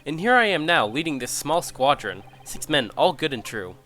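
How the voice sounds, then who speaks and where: A man's voice: on the high side, sing-song, normal speed, a bit bright, soft background music. A man putting on a blustering old army officer. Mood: jolly. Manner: hearty, clipped old-fashioned military chatter.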